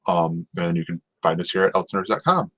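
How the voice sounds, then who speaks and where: A man's voice: low-pitched, brisk, pushed and bright, poor audio. A man hosting a casual solo podcast about TV, rambling with lots of ums and restarts. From North America. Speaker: podcast host. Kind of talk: casual solo TV review chat.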